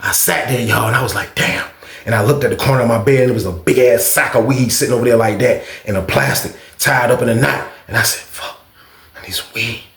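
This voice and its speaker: Animated profane man telling a story. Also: mid-range voice, fast, vocal fry, hardly any pauses, roomy sound. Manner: animated, profane, street slang, rising to agitated outbursts. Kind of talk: casual storytime monologue.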